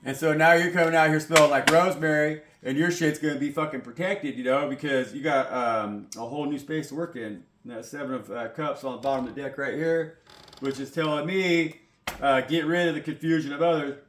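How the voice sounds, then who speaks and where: A man's voice: on the high side, brisk, fairly bright tone. Rambling, profane man reading tarot. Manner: rambling, profane, full of "you know" fillers. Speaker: tarot reader. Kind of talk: casual tarot reading to camera. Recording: echoey room with faint noise.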